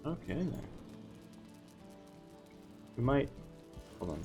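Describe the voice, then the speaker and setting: A man's voice: low-pitched, very animated, fast, vocal fry, long pauses, over music. A man hosting a gaming livestream, chatting casually and joking around with a friend. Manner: joking, playful. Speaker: livestream host.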